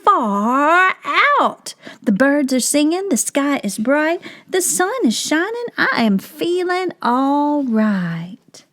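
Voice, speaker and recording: A high, strained little turtle from a picture book, as a woman voices him, speaking slowly with a slight rasp at the bottom of the voice. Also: huge pitch swings, exaggerated voice. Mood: excited. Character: male turtle, fretful, storybook animal.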